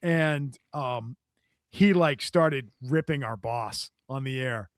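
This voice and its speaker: A man's voice: medium pitch, slow pace, no echo, clean studio sound. A man guest on a podcast telling a story in casual chat, laughing often and acting out what others said. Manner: animated storyteller, laughs often, acts out quotes.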